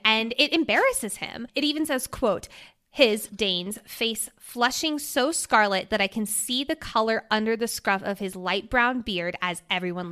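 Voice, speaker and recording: A woman's voice: on the high side, pushed and bright. A young adult woman co-hosting a podcast, chatting casually about a book and swearing with emphatic feeling. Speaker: podcast co-host.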